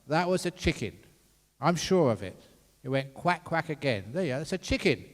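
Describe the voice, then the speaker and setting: A man voicing a stubborn, excitable wife who insists she is right, in a shrill, emphatic tone. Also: normal speed, in a large hall. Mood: insistent.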